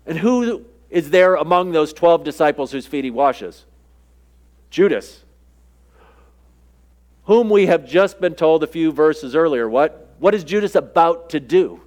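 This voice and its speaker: Male pastor, fairly high voice, conversational sermon that slips into acted-out dialogue. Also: lively intonation, unhurried, long pauses, a little mellow. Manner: conversational preaching, acts out quoted dialogue.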